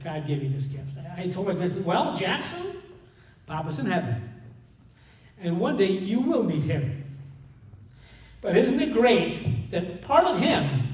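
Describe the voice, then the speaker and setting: An older man gives a retreat talk in a high-pitched voice, telling stories with jokes and many self-corrections. He sounds far from the mic, and his voice rings through a very echoey hall. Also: a little mellow. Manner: humorous storytelling with many restarts. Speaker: conference speaker. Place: retreat meeting room. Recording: distant, very echoey room mic.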